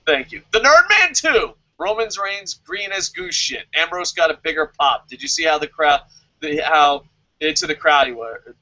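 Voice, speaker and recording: A man's voice: fairly high pitch, expressive, moderate pace, bright, forceful tone, muffled recording. A man giving a casual, profane, joking rant as a show reviewer and reading viewer comments aloud. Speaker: wrestling review vlogger.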